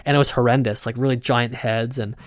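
A podcast host telling a travel story in a casual, animated way. He acts out his own thoughts as he goes. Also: mid-range voice, fairly quick, no room sound, clean studio sound.

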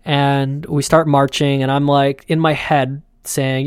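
A male podcast host tells a travel story casually, with plenty of animation. His voice is mid-pitched, and the recording is close and dry. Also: moderate pace, hardly any pauses, clean tone, no echo. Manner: animated, acts out his own thoughts.

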